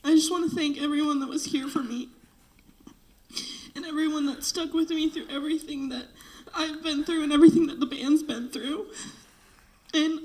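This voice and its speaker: Tearful high-voiced teenage girl. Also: poor audio. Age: late teens. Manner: tearful, heartfelt, breaks off to apologize. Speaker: graduating senior flute player. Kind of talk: emotional farewell speech. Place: band room.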